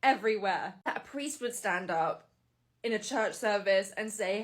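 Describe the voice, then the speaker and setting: A woman's voice: mid-range voice, expressive, moderate pace. A woman in a tearful, emotional vlog monologue, swearing and voice jumping up as she talks.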